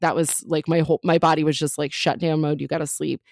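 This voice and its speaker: A woman's voice: deep voice, level tone, quick pace, darkish tone, dry recording, clean studio sound. A woman comedian in her thirties telling a story as a podcast guest, chatty and full of fillers and jokey asides.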